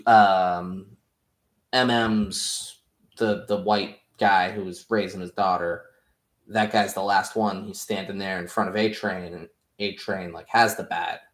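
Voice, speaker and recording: A man hosting a show review, talking through the plot in a loose, rambling way, full of fillers and swearing. His voice sits on the low side, and the recording carries a noticeable room echo. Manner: rambling, profane, heavy on "like" fillers. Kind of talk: casual episode recap.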